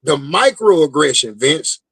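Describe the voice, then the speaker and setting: A man hosting casual banter, speaking in a drawn-out, emphatic, profane way. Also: fairly high pitch, expressive, fairly bright tone, husky, no echo. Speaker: podcast host.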